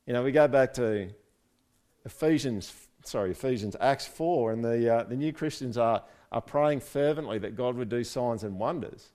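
A man's voice: medium pitch, moderate pace, warm tone. A man preaching a casual, conversational sermon, with joking asides and frequent "right?" check-ins to his listeners. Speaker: pastor.

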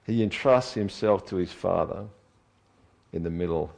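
A man preaching a sermon, expressive, moving from hushed to loud and emphatic, often checking in with the listeners with short questions. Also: sits low, normal speed, gravelly, low-quality recording. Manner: asks listeners tag questions.

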